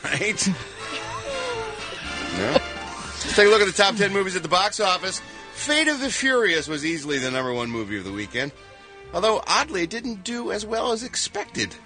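A man's voice: sits high, very animated, moderate pace, pauses often, bright, forceful tone, soft background music. A man doing the showbiz segment on a morning radio show, teasing his co-host. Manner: teasing, playful. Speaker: radio show entertainment reporter.

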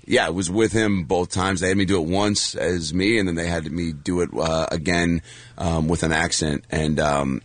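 A man being interviewed as an actor, telling stories in a rambling, animated way with lots of fillers and restarts, acting out what others said. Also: sits low, moderate pace, dry recording. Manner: animated storyteller who acts out quoted voices. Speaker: actor and guest. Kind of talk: casual anecdotal chat.

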